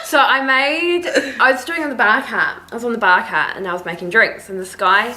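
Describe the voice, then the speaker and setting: A woman's voice: on the high side, fairly quick, echoey room, slight background noise, rough recording. A young woman from New Zealand with a New Zealand accent, chatting casually as a flight attendant co-host and acting out the voices in her stories. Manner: animated storyteller acting out dialogue. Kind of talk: casual chat, storytelling.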